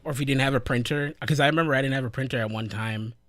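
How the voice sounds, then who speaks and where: A young man chatting easily on a gaming podcast, loose and laid-back, with lots of "like" and "dude". His voice sits at an ordinary pitch. The sound is dry and close to the mic. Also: racing, fairly bright tone, no echo. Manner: laid-back, says "like" and "dude" a lot, laughs often. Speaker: podcast co-host. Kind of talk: casual gaming podcast chat.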